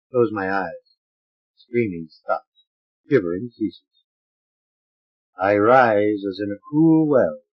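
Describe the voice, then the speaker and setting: A man's voice: fairly low pitch, husky. A man reading a short story aloud in a dramatic audiobook style. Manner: dramatic, varied character voicing. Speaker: audiobook narrator. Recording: dull lo-fi transfer of an old record.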